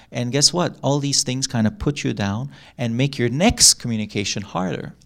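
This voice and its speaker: Animated middle-aged man giving a talk. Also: mid-range voice, moderate pace, creaky, few pauses. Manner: animated, acts out quoted lines, laughs often. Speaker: workshop speaker. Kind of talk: live talk to an audience. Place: room with a live audience.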